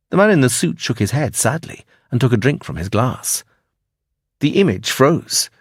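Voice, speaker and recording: A man narrating a science fiction audiobook in expressive storytelling style. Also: mid-range voice, moderate pace, breathy edge, no room sound, studio quality.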